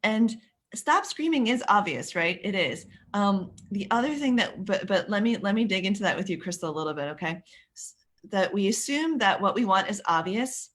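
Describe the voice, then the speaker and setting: A woman's voice: mid-range voice, expressive, normal speed. A woman leading a live parenting workshop who chats with viewers by name, often restarting her sentences. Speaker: parenting coach.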